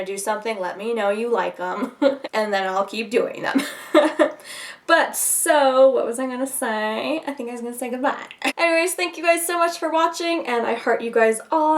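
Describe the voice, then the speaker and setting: Chatty, giggly woman beauty vlogger. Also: fairly high pitch. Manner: chatty, giggly, with many fillers. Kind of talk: casual product review to camera.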